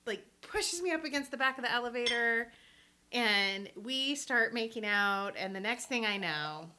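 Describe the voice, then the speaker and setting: A woman co-hosting a casual podcast chat, telling an animated story and laughing often. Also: fairly high pitch, normal speed, noisy background. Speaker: podcast co-host.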